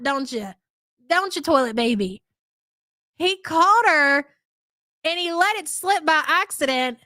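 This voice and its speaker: A woman's voice: high voice, expressive, unhurried, sharp tone, no echo, clean studio sound. A middle-aged woman hosting a live reaction stream, talking bluntly and profanely with scornful laughs. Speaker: host.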